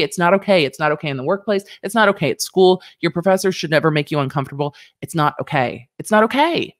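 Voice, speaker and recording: A woman lawyer hosting a commentary show, talking frankly and animatedly, often mimicking other people in quick high voices. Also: no room sound, clean studio sound. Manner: frank, swears casually. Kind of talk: commentary vlog.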